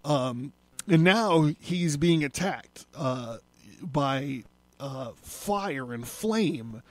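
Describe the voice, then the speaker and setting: A podcast host talks through a comic book in a relaxed, unhurried way, chuckling now and then and leaning on filler words. His voice sits a bit high for a man and moves slowly. The recording is close and dry. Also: no echo. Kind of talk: casual comic book recap.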